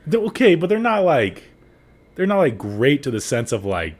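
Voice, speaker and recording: A man's voice: fairly high pitch, very animated, moderate pace. A young man telling a story in casual chat, rambling with lots of likes and restarts, laughing often.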